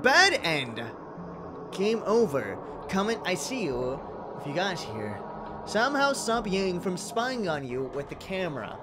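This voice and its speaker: Excitable young man playing a game. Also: high voice, unhurried, noisy background. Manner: excitable, joking, swears in bursts. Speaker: gaming video creator. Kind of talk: let's play commentary. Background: music.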